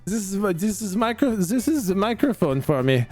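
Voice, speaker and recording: A man voicing a small, childish and proud male mushroom creature that speaks in a high, sing-song, simple-minded way. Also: big pitch swings, normal speed, a little mellow, faint music behind. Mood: chirpy.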